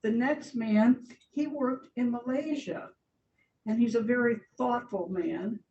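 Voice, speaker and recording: An older woman, a guest speaker at a large church hall, talks through her slides in a chatty, informal way and laughs often. Her voice is slow and darkish. The muffled, echoey recording comes from a distant mic with a faint rumble.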